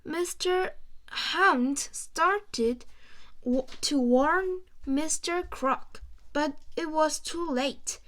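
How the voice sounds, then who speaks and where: A woman reading a children's storybook aloud, slowly and carefully, with small stumbles. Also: sits high, a bit bright. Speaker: reader.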